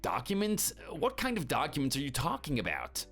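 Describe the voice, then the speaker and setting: A man voicing a busy, dismissive husband, speaking impatiently over soft music. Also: fairly high pitch, huge pitch swings, fairly quick, breathy edge, full character voice. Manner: impatient and brushing off. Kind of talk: animated story voice acting.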